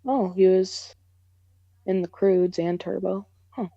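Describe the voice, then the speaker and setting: A woman's voice: mid-range voice, steady tone, takes it slowly, creaky, no room sound, muffled recording. A young woman co-hosting a podcast in casual chat, rambling and hesitant with lots of fillers. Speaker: podcast co-host.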